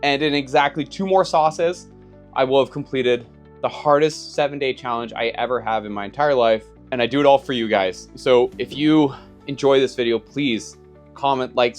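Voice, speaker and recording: A young man in casual vlog talk, chatty and rambling, restarting his sentences when he gets flustered. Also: mid-range voice. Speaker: YouTuber.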